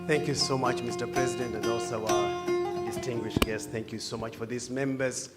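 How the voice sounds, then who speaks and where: A man's voice: medium pitch, very animated. Man moderating a press conference, music behind. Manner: ceremonial, upbeat introductions with pauses. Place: large conference hall.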